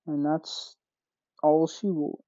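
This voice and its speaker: A gaming YouTuber reading out game dialogue for many characters in quick succession, sometimes exclaiming. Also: medium pitch, fairly even intonation, mellow, no echo, dull audio. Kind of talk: game playthrough with read-aloud dialogue.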